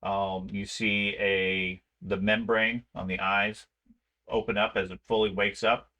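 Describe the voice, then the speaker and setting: Game master, male, slightly low voice with a bright edge, calm descriptive narration peppered with ums. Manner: unhurried scene-setting with frequent ums.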